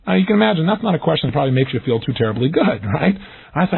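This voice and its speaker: Male motivational speaker, rapid and animated, husky voice, phone-thin recording. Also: on the high side. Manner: emphatic, dramatic quoted questions. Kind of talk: motivational seminar talk. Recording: tinny lo-fi audio recording.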